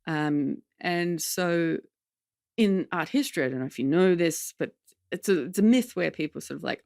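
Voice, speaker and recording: Woman, comedian on a podcast, gravelly fry in the voice, dry close mic, tells stories and does little impressions. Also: on the low side, normal speed, no room sound. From Australia. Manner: lively storytelling, slips into impressions of others. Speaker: comedian guest. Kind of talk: candid podcast conversation.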